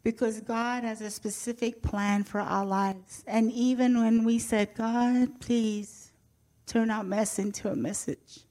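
A woman's voice: a little high, unhurried, mellow. An older woman sharing a personal faith testimony with a church audience, heartfelt and earnest with light touches of humor.

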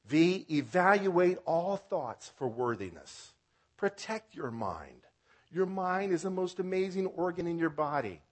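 A man pastor preaching a sermon with animated delivery, swinging from loud emphatic lines to soft near-spoken ones, fond of wordplay and repetition. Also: high-pitched, measured pace.

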